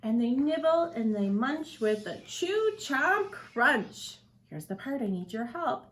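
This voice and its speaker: Slow expressive woman reading to kids. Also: a little high. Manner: expressive, asks the children questions. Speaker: teacher. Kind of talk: picture book read-aloud for children.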